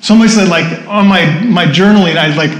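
A man's voice: sits high, moderate pace, roomy sound, rough recording. A man preaching a sermon, telling a personal story in a chatty way and laughing often. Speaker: pastor. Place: church hall with audience.

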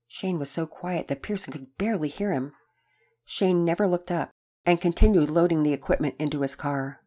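A woman reading a children's storybook aloud as narrator, in a soft, even voice. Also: low-pitched, normal speed.

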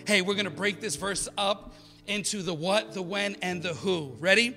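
A man in his thirties preaching as a pastor, building from soft, quiet passages to loud, emphatic calls. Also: high voice, normal speed, in a large hall, soft background music. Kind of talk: sermon.

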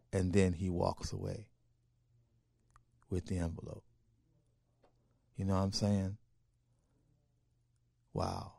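Animated man telling a parable. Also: low-pitched, slow, creaky, pauses often, no room sound, studio quality. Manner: animated, acts out voices in a parable. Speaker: show host. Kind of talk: storytelling talk.

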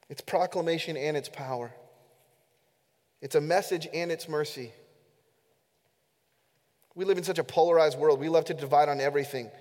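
Male pastor, high-pitched, earnest emphatic sermon delivery; long church reverb. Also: a little mellow. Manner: earnest, emphatic preaching, addressing the congregation directly. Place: church sanctuary during a service. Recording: echoey hall with long reverb.

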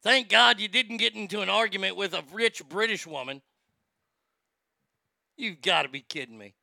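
Profane male commentator, bright cutting tone, incredulous. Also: high-pitched, normal speed, creaky, no echo, studio quality. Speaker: commentary host. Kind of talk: ranting news commentary.

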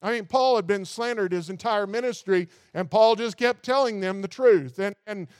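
A man delivering a sermon in a high, smooth and clear voice, recorded dry and close. He preaches earnestly and with emphasis, stumbling over repeated words as he builds his points. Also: normal speed, dry recording. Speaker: pastor.

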